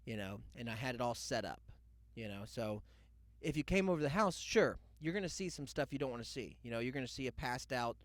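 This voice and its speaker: A man's voice: medium pitch, expressive, brisk, hardly any pauses, dry recording. Rambling male podcast host, dry sound. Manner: loose storytelling with asides and mock quotes. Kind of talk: rambling comedic monologue.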